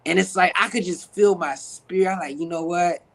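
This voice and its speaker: Animated man telling a heartfelt story. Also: sits high, moderate pace, gravelly, low-quality recording. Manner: animated, slangy, preacher-like testimony with quoted dialogue. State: emotional. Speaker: interview guest, actor. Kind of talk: emotional conversational storytelling.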